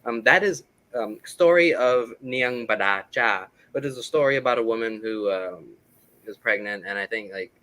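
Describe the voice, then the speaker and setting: Bright-voiced man explaining eagerly. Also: mid-range voice, normal speed, low-quality recording. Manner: rambling, filler-heavy, enthusiastic explaining. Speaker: guest, record collector. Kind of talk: casual interview chat.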